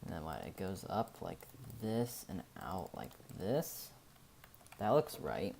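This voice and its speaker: A man with a very deep voice talks through a game-building tutorial in an unhurried, rambling way. He thinks out loud, loses words and circles back to correct himself. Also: big pitch swings, creaky, slight background noise. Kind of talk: casual gameplay tutorial narration.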